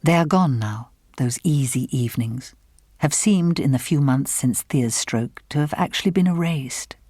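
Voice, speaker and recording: A woman narrating a literary novel in an audiobook, with measured, even storytelling. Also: extremely low pitch, no room sound, clean studio sound.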